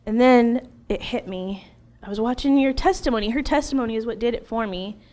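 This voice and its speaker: A woman in her thirties, appearing as an interview guest, shares an earnest and animated personal testimony. Her voice is a little high and brisk, and she laughs now and then between lines.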